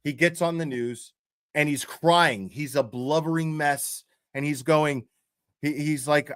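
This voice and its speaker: A man's voice: a little high, steady tone, a little slow, clean tone. A man telling a story on a livestream in a blunt, profane way, with many fillers and restarts. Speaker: true crime commentary streamer. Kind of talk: casual livestream commentary.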